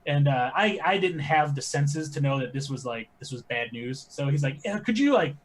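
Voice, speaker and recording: A man, a podcast guest telling animated stories with quick asides. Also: medium pitch. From American Midwest. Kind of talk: casual podcast chat.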